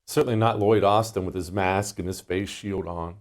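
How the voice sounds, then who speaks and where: A middle-aged man hosts a political talk show in a somewhat low voice. He delivers an emphatic, indignant commentary monologue and leans hard on key words. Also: fairly even intonation, moderate pace. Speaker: radio show host.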